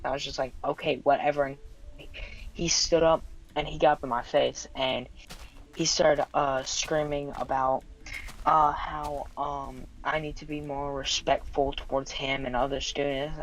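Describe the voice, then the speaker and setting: A woman's voice: sits low, level tone, normal speed, poor audio. A teenage girl streamer telling a rambling story in casual chat, with lots of fillers and swearing. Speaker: game streamer.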